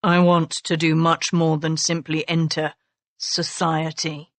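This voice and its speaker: A woman voicing a blunt, self-made Regency husband who speaks low and soft with dry command, in an audiobook. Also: completely flat delivery, measured pace, dry recording.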